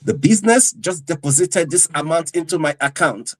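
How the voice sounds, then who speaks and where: Man, podcast co-host, animated storyteller, slightly high voice. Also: normal speed, no room sound, rough recording. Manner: animated storyteller, acts out quotes. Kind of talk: casual podcast chat.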